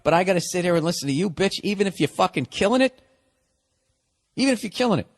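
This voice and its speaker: A man's voice: sits high, expressive, quick pace, no room sound, studio quality. Exasperated man ranting, swearing a lot. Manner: exasperated, swearing, rhetorical questions. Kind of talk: profane comedic rant.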